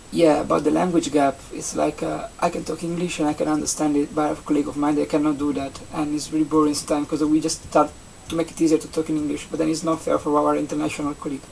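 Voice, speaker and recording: A young adult vlogger from Italy with an Italian accent, a native Italian speaker chatting casually in English, rambling and halting with many restarts and fillers. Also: medium pitch, creaky, a little mellow. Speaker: vlogger, seasonal campsite entertainment worker. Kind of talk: casual vlog chat. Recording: distant mic with faint background noise.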